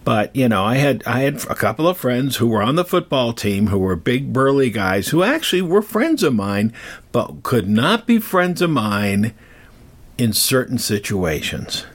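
Husky older man telling a rambling story. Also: mid-range voice, a little slow. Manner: rambling, digressive, animated. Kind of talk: casual storytelling.

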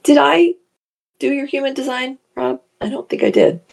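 A woman's voice: sits high, moderate pace, creaky, a little mellow. A middle-aged woman hosting a casual live chat, reading viewer comments aloud and laughing often.

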